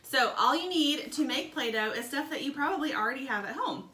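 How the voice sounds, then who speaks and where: Upbeat mom host, kids' science vlog, higher register; roomy kitchen sound with audible noise. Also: female voice, expressive, fairly quick. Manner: cheerful, patient step-by-step instructions. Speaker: mother hosting a kids' science video. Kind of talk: casual instructional chat to kids. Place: home kitchen. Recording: echoey kitchen with clear background noise.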